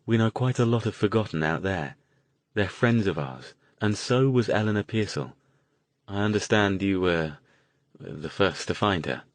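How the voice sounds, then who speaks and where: Man reading a calm, polite mage, low voice, dry close mic. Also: no room sound. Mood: gentle. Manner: gentle, measured and courteous. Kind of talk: audiobook character voice.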